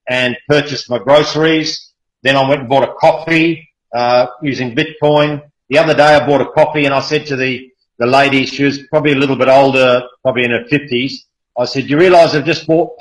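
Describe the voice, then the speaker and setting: A man's voice: mid-range voice, low-quality recording. A man with an Australian accent hosting a casual online group call, chatty and enthusiastic, with many fillers. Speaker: hangout host. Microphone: video call.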